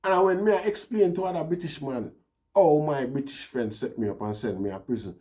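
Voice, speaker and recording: A vlogger with a Jamaican accent tells a personal story in a casual, rambling monologue, frequently slipping in "you know, see." His voice is on the high side, mellow, and fairly quick.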